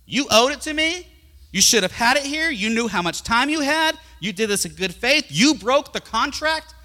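A man voicing a harsh, unforgiving man who loudly insists on being repaid, in a high, bright voice in a reverberant hall. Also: animated, moderate pace. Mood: indignant. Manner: indignant, loud, legalistic.

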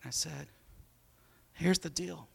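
A man preaching a sermon, moving between quiet storytelling and loud, impassioned preaching. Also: a little high, slow, gravelly, slightly rough. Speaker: pastor.

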